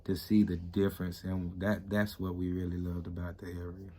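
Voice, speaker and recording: American guy vlogging, really low voice, keeps saying yes, faint hiss behind. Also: monotone, moderate pace, mellow. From United States. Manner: eager, keeps agreeing with "yes". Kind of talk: casual chat.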